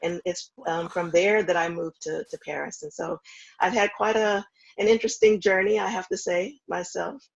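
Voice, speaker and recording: A woman in her fifties from the American South, a foundation founder calmly recounting her story in a remote interview, with steady ums. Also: on the low side, gravelly, dull audio. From Houston, Texas. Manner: measured, reflective storytelling with frequent ums.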